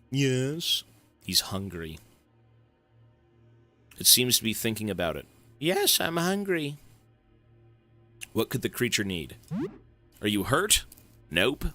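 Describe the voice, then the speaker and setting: A man's voice: fairly low pitch, sharp tone, dry recording. A man giving casual commentary while playing a horror game, thinking aloud and swearing now and then.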